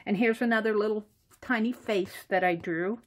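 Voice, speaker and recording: A woman vlogger walking through her sketchbook in casual show-and-tell narration, chatty and quick to laugh. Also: mid-range voice. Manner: chatty, laughs often, acts out little dialogues. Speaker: art journaling vlogger.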